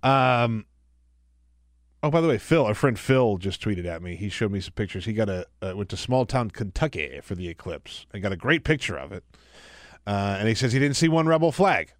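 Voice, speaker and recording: A man filling in as host of a political talk radio show, joking and animated, laughing easily. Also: on the low side, normal speed, dry recording, clean studio sound. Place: radio studio.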